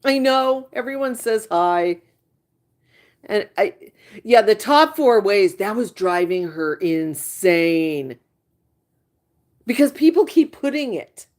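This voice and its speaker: A woman's voice: medium pitch, animated, slow pace, pauses often, darkish tone. A woman hosting a live stream, gossiping casually with her viewers. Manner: chatty, gossiping, exasperated asides. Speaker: livestream host chatting with viewers.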